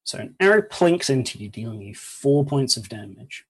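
A calm dungeon master narrating a tabletop game, often apologetic when dealing out damage. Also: mid-range voice, normal speed, breathy edge.

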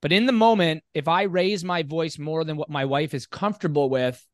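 A man's voice: fairly high pitch, moderate pace, dry recording. Man host asking reflective questions. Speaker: podcast host. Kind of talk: conversational interview.

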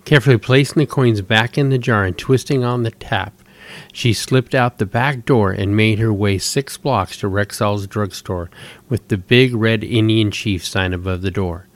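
A man hosting a show, reading a story aloud in a steady, measured way. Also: lowish voice. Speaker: host.

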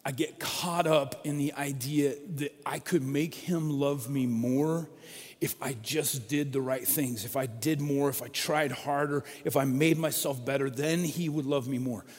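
A man's voice: mid-range voice, steady tone, measured pace, big-room sound. A middle-aged man, a pastor, delivering a conversational sermon that rises into emphatic, repeated stresses.

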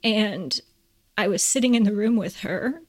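A woman co-hosting a podcast, speaking earnestly and tearfully, pausing often as she shares a heartfelt story. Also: mid-range voice. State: crying. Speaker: podcast co-host.

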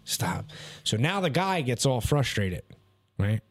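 Profane, animated man telling stories. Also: mid-range voice, slow. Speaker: podcast co-host. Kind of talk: casual storytelling chat.

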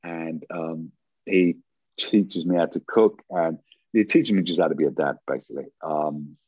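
A man telling a personal story as an interview guest, animated and quick, with many restarts and fillers. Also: rumbling low, no room sound, muffled recording.

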